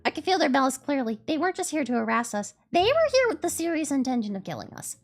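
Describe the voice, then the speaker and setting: A woman's voice: sits high, very animated, fast, voice pushed up. A woman reading game text aloud in a cutesy, sweet voice as the young heroine narrating her own peril. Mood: earnest.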